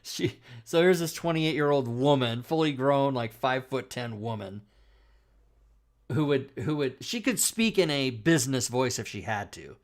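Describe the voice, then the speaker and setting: A man hosts a casual talk show and drifts into crude, rambling anecdotes. He laughs often as he tells them, and his voice sits at an ordinary middle pitch. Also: expressive, moderate pace. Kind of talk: casual chat.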